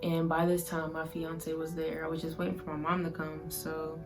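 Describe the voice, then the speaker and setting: A woman vlogger retelling a painful personal story to the camera in a soft, halting way, full of "like". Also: deep voice, monotone, music in the background.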